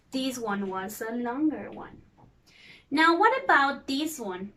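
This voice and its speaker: A woman teaching an English class, sounding words out slowly syllable by syllable and asking her pupils questions in an encouraging way. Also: high voice, expressive, fairly bright tone. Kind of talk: recorded class lesson.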